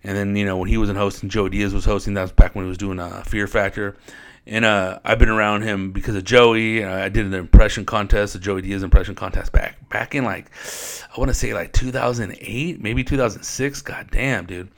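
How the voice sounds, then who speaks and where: A podcast host from Riverside, California, tells stories in a laid-back chat, his voice lowish, his intonation fairly even and his pace brisk. He swears often and says "dude" constantly.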